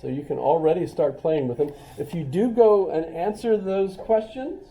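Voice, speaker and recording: A man's voice: fairly high pitch, normal speed, dark tone. A middle-aged man, a college philosophy instructor, giving a casual classroom lecture, chatty and rambling with joking asides. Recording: roomy classroom from a distance.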